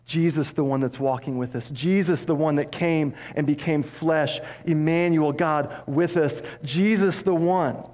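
A man preaching a sermon as pastor, passionate, dropping low and soft for emphasis. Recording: long hall reverb.

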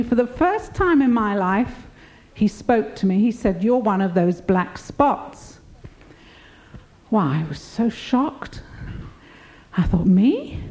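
A woman's voice: fairly high pitch, a little mellow, lo-fi sound. An older woman giving an earnest, reflective personal testimony of her faith.

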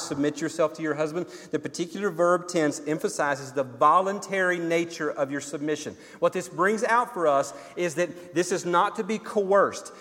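A male pastor preaching with earnest conviction, his voice sitting a little higher than most men's. He often circles back and repeats words as he builds his point. A long reverb hangs behind him, as in a large sanctuary. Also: a bit bright. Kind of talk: sermon.

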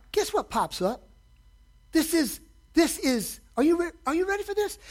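A man preaching a sermon from a church stage, animated, asking the congregation direct questions and acting out quotes. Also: very high voice. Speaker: pastor.

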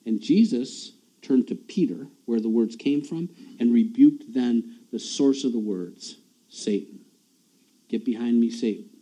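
Dark-voiced male preacher, conversational. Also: medium pitch, animated, a little slow, low-quality recording. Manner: conversational, repeats words, chuckles at himself. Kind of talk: sermon. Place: church.

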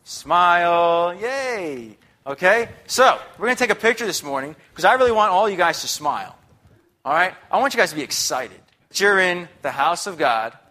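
Young guy preaching, chatty and upbeat, kinda high bright voice. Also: lively intonation, moderate pace. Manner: conversational, upbeat, chatty with the congregation. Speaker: guest preacher. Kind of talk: sermon.

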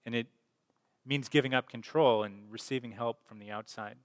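A male pastor giving a sermon in an easy, conversational way, pausing on fillers and repeating words. His voice sits at a middle pitch. A long reverb trails each phrase, as in a large church. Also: fairly even intonation.

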